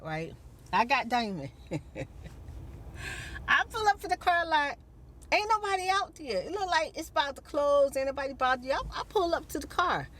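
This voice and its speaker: A woman's voice: sits high, a bit bright, a little hiss or hum. A middle-aged woman vlogger telling stories to her viewers in a chatty, casual way and calling them y'all. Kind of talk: casual chat to the camera.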